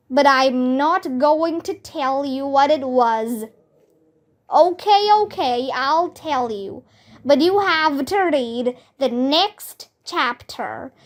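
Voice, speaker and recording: A woman with a Vietnamese accent reads a children's chapter book aloud at an unhurried pace. Her voice sits high, and she lifts it into excited shouts for the characters. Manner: slow, expressive storybook reading with voiced shouts.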